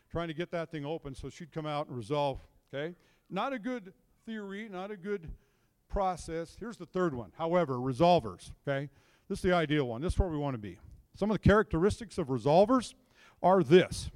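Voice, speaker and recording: Middle-aged male counselor preaching, fairly high voice, dry close sound, chatty storyteller who keeps checking in with the crowd. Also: darkish tone, no room sound. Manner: conversational, draws the audience into call and response; storytelling, checks in with "okay?" and "right?". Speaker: counselor giving a church message. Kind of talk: sermon.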